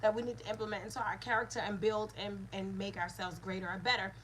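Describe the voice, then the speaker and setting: A woman's voice: medium pitch, flat delivery, quick pace, fairly bright tone, slight background noise, poor audio. A woman, a mother and spiritual teacher, giving an earnest lesson with repeated phrases and call-and-response. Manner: earnest, repetitive teaching cadence.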